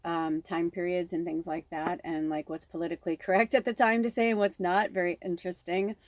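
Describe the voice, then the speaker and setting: A woman's voice: lowish voice, fairly even intonation, brisk, no echo. A woman speaking as a spiritual medium, giving a casual, rambling reading full of "like" and "you know".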